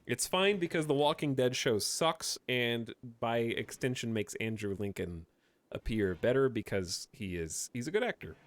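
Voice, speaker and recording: A man's voice: medium pitch, animated, moderate pace. A man streaming and chatting casually, giving rambling, opinionated takes full of fillers and restarts.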